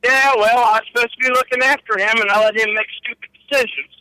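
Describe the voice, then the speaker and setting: A middle-aged man, appearing as a guest storyteller, rambles through profane stories from his trucking days and laughs at his own tales. His voice is extremely high, pushed, bright and smooth, moving quickly with fairly even intonation. The recording is dry with no room sound, and its quality is low.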